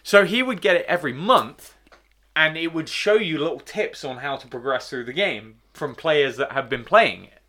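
A man's voice: on the high side, normal speed. A man in a casual podcast chat, rambling through stories with plenty of fillers. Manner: rambling, lively storyteller with fillers. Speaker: podcast co-host.

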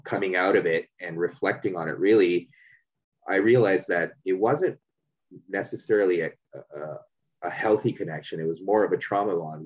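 Deep-voiced canadian guy hosting a podcast, slow thoughtful talk, slightly dull sound. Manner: thoughtful, halting, many restarts and fillers. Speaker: podcast host. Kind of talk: reflective conversational interview.

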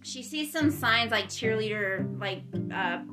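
A woman's voice: fairly high pitch, lively intonation, measured pace, music in the background. A woman casually retelling a movie plot in a rambling, chatty way, with frequent ums.

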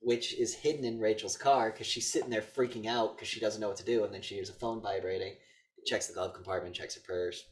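A man's voice: lowish voice, a little fast. A man casually retelling a film scene by scene for a podcast, swearing freely and acting out the characters' lines. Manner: animated, profane storytelling, acts out quotes. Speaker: podcast co-host. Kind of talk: casual movie review chat.

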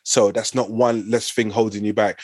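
A man's voice: on the low side, level tone, moderate pace, a little mellow, slightly rough, no echo. A man in casual podcast chat, earnest and opinionated, restarting his sentences often.

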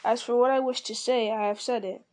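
A woman voicing a mysterious hooded old man who speaks softly and knowingly, unhurried and teasing. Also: on the high side, fairly even intonation, close to an everyday voice. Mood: calm.

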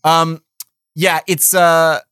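A man's voice: a little high, little pitch movement, very slow, bright, forceful tone, clean tone, no room sound, clean studio sound. A man co-hosting a podcast in casual chat, easygoing and agreeable, often trailing off mid-thought. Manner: easygoing, trails off, lots of agreeing "yeah, right". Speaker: podcast co-host.

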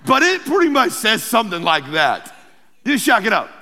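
A pastor preaching a sermon, telling the story in a humorous, lively way with playful asides. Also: male voice, high-pitched, moderate pace. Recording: long hall reverb.

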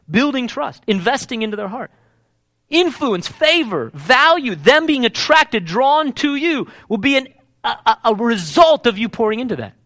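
Pastor type, male, high bright voice with big swings, emphatic sermon delivery, dry close sound. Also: dry recording. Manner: emphatic, repeats key words.

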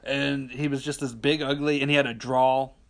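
A young adult man co-hosting a casual chat, telling a crude, animated story and acting out the voices of people in it. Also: medium pitch, moderate pace, gravelly. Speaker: podcast co-host.

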